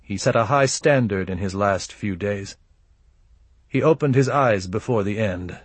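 A man reading a first-person audiobook in a measured, grave manner. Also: fairly low pitch, slightly rough, no echo. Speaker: audiobook narrator.

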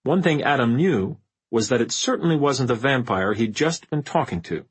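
A man narrating a fantasy audiobook in a measured, even storytelling manner. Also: mid-range voice, breathy edge, low-quality recording. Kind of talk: scripted narration.

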